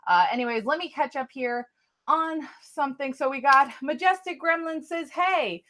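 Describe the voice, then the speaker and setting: Chatty high-voiced woman live-streaming. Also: normal speed, sharp tone. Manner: chatty, thanks viewers often, apologetic. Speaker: live-stream tarot reader. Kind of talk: casual live-stream chat.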